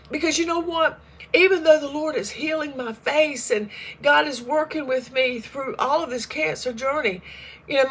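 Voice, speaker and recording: High-voiced older woman, breathy. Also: fairly bright tone. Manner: earnest, halting storytelling with restarts. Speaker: ministry director. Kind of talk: personal devotional testimony.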